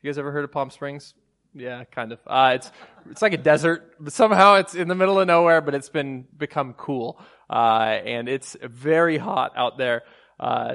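A man in his thirties preaching, moving from a hushed prayer into a casual, self-deprecating personal story full of fillers and restarts. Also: mid-range voice. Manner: soft and hushed while praying. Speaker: pastor.

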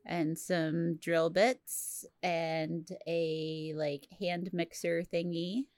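A woman's voice: on the low side, little pitch movement, extremely slow, a little mellow, a little hiss or hum. A woman co-hosting a podcast in casual chat, making dry, understated remarks. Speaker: podcast co-host.

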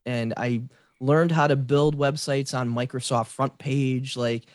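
A man's voice: medium pitch, a little slow, no echo, clean studio sound. A man in his forties on a podcast, eagerly telling a story in casual chat, with frequent restarts. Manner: excited storyteller, many restarts. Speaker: podcast guest, fan site creator.

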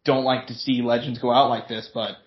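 A man's voice: medium pitch, flat delivery, brisk, lo-fi sound. A man co-hosting a casual sports podcast in a laid-back manner, swearing freely. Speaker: podcast co-host.

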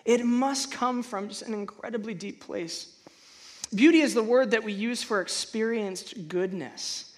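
Male pastor, casual animated sermon delivery, stammers and restarts, big loud swings for emphasis. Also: high voice, a little slow. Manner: acts out feelings in sudden loud bursts.

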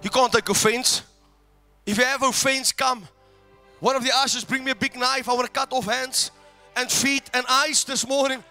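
A man preaching a fiery sermon, swinging from hushed to shouting, his voice breaking with emotion at times. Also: very high voice, steady tone, normal speed, soft background music.

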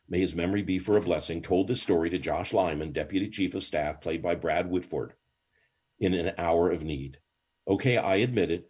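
Older man with a low, husky voice. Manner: animated, swooping storyteller with many false starts. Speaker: rabbi. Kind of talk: storytelling in a podcast interview.

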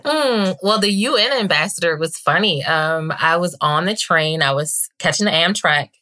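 A woman from Baltimore, a journalist, answering interview questions in expressive, animated storytelling. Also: fairly low pitch, normal speed. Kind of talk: conversational interview.

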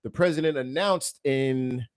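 A man co-hosts a casual podcast, reading out news and stopping often for loud, joking commentary. His voice sits at a middle pitch. It is recorded dry and close. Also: a little slow, no room sound. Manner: reads headlines then breaks into loud joking asides. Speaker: podcast co-host.

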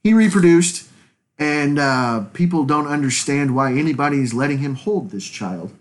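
A man co-hosting a casual podcast chat, animated and laughing often. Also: on the high side, normal speed. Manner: animated, laughs often, quotes scenes in put-on voices. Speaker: podcast co-host.

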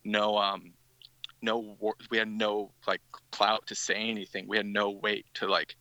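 A man's voice: fairly low pitch, level tone, unhurried, sharp tone, dry recording, dull audio. A man, a band's guitarist, telling a rambling story in a casual podcast interview, with many restarts. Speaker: musician guest.

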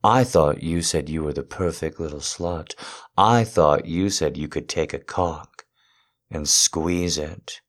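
A man's voice: extremely low pitch, slow. A man performing a domineering erotic audio role-play monologue, taunting and commanding the listener.

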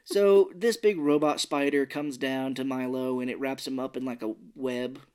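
Animated podcast co-host retelling a movie. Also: medium pitch, clear, resonant tone. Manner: animated, acts out characters' lines in quick impressions. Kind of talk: casual movie review chat.

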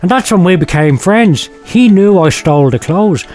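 A rambling, foul-mouthed eccentric, played by a man talks high and jumpy. His voice rises and falls in agitated swings. Faint music plays under this comic audio drama. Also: animated, normal speed, a little mellow.

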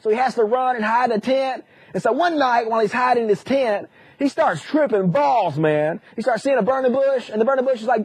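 A man telling a profane, sarcastic comic retelling, full of dude-speak and quick put-on voices. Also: very high-pitched, darkish tone, slightly rough. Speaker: comedic storyteller. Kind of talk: crude comedic retelling.

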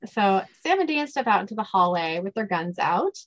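A woman's voice: medium pitch, sing-song, moderate pace. A woman hosting a podcast, reading out a scene-by-scene story recap in a casual way and laughing and stumbling over words now and then. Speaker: podcast host.

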